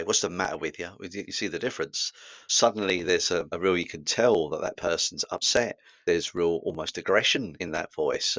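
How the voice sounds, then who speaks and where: Low-voiced Cockney man musing aloud. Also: a bit bright, no room sound. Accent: Cockney London. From England. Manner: musing, full of tag questions and asides. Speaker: spiritual vlogger. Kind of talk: reflective spoken monologue.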